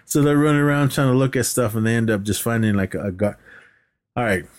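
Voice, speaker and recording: Talking fast in a medium-pitched voice, a man co-hosting a podcast walks through a movie scene by scene in a casual way. His retelling is animated, full of acted-out quotes, free swearing, and frequent laughter.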